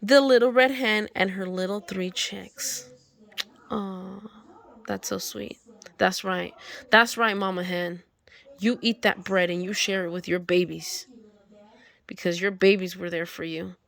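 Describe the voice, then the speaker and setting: A woman's voice: medium pitch, fairly even intonation, a little slow, creaky, a bit bright. A woman reading a picture book aloud, stopping often to comment on it and scold the characters. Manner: talks back to the story, scolding the animals. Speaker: storybook reader.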